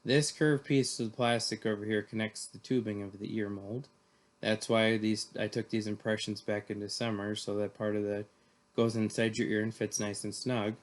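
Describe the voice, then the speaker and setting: A man's voice: on the low side, level tone, normal speed, lightly acted. A man reading aloud, voicing a friendly male ear doctor who explains things in a chatty, reassuring way. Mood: explaining.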